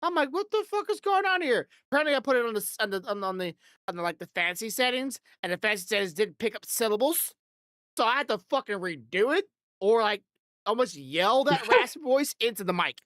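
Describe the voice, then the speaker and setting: A woman's voice: mid-range voice, expressive, fairly quick, a bit bright, no room sound, clean studio sound. A woman hosting a podcast in loose, rambling casual chat, swearing freely and laughing often into a desk microphone. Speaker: podcast host.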